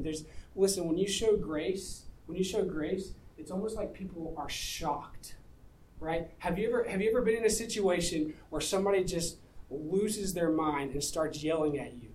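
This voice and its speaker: A man's voice: sits high, moderate pace, darkish tone, slight background noise, low-quality recording. A man preaching a sermon, reading scripture and explaining it in a conversational way, asking the audience rhetorical questions. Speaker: pastor.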